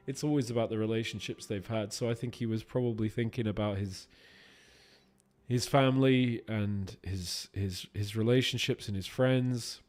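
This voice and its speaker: A man's voice: mid-range voice, darkish tone. A man, a voice actor, chatting casually with his stream viewers while playing a game, swearing freely as he answers their questions.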